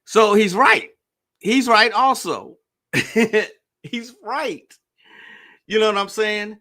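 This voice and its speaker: A man commenting casually to viewers, speaking slowly and simply on purpose, repeating points and checking that viewers follow. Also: high voice, expressive, sharp tone. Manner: deliberately slow and simple.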